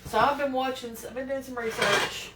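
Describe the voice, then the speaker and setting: A home cooking vlogger gives a chatty demonstration in a high-pitched, steady voice at a moderate pace. She talks to her viewers in a folksy way and frets aloud when she fumbles. The mic is far away in an echoey kitchen, and the sound is very noisy with clattering pans.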